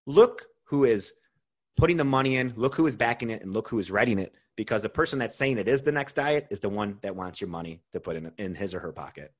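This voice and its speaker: On the low side and fast, this young nutrition coach rants on his podcast in a loose, animated style, dropping swear words without restraint.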